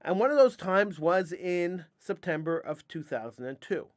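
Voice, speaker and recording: A middle-aged man hosting a talk radio show, telling a story in an emphatic, animated way with frequent restarts. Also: sits high, moderate pace, few pauses, no echo, studio quality.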